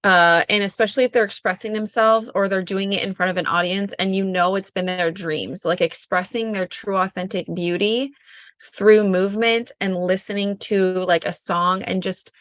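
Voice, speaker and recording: A woman's voice: medium pitch, steady tone, moderate pace, a bit bright, dry recording, clean studio sound. A woman in her thirties, a coach guest, chatting casually in an interview, bubbly and full of likes and ums. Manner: bubbly, chatty, says like and um often.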